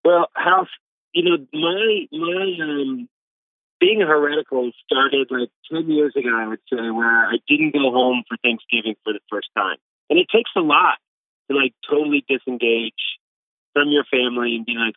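A man's voice: mid-range voice, moderate pace, dry recording. A man who is a food editor and restaurateur, guesting on a podcast, telling loose stories full of "like" and acted quotes. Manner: loose storytelling, acts out quotes, says "like" a lot. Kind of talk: casual phone interview. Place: home in Texas. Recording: phone line.

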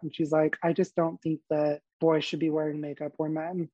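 Telling personal stories as a podcast guest, a young man stays candid and animated, laughing frequently and dramatizing quoted dialogue. He has a fairly high pitch and talks fairly quickly, in dull audio with no room sound.

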